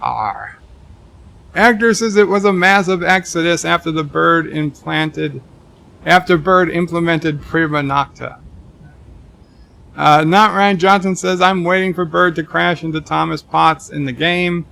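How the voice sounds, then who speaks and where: Gravelly, bright-voiced male game streamer. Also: on the high side, unhurried. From Texas. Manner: joking, deadpan replies to viewer comments; rambling asides with many restarts. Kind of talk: live-stream chat reading while gaming.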